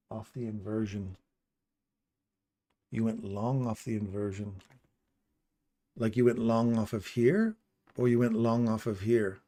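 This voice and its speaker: A man's voice: on the low side, dark tone. A man casually commenting on a live trading stream, reading out and answering viewers' chat messages by name. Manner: upbeat and chatty, laughs easily.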